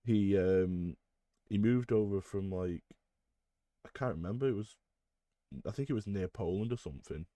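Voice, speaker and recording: A young man with a lowish voice spins a school story for his podcast. He is animated and laughs between lines. The sound is dry and close, with no room around it. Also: normal speed, pauses often, no echo. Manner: animated storyteller, loud when acting out a shouting teacher, laughs through lines. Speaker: podcast co-host. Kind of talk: casual storytelling.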